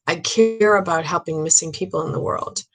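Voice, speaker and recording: Psychic lady rambling to camera, tired, lowish voice, lots of ums. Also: normal speed, loud music behind the voice. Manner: rambling, earnest, many fillers and restarts. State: tired, low stamina. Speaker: psychic medium. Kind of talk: casual monologue to camera.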